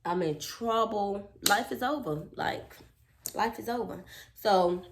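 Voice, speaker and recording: Animated woman telling a dramatic story. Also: medium pitch, slow, background noise. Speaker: storytime vlogger. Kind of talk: storytime vlog.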